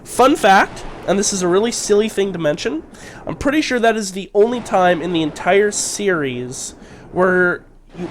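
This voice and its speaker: A man's voice: high-pitched, slight background noise. A man chatting casually and enthusiastically while streaming a video game.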